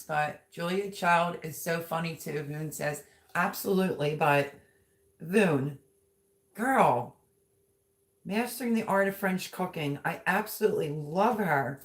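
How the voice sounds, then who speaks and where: Gushing woman chatting on a livestream. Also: lowish voice. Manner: gushing, chatty, reads out viewer comments. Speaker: livestream host. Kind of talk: casual livestream chat.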